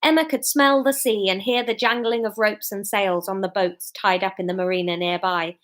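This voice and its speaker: A woman's voice: mid-range voice, fairly even intonation, moderate pace, a bit bright. A woman reading her serialized story aloud, chatty and prone to jokey, sweary asides. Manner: chatty, swears, breaks off to laugh and joke.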